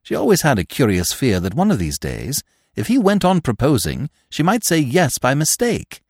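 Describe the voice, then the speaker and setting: A man narrating classic fiction in an expressive storytelling manner. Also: medium pitch, normal speed, slightly rough, no echo, studio quality.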